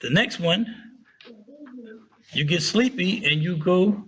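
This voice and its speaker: A man teaching a casual Arabic lesson who often checks in with "right?" and "okay?" and slows down to spell out words. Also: sits high, animated, a bit bright, breathy edge, lo-fi sound.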